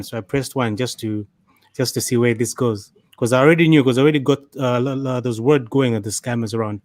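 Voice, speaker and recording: A man at a middle pitch talks through a story on a discussion panel. He rambles and often repeats words. The sound is dry and close. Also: brisk, darkish tone, dry recording. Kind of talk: casual discussion.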